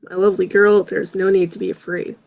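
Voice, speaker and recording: A woman's voice: on the low side, flat delivery, fast talker, vocal fry, darkish tone. Woman reading out a sneering pale killer. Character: sneering pale male killer with a deep raspy voice.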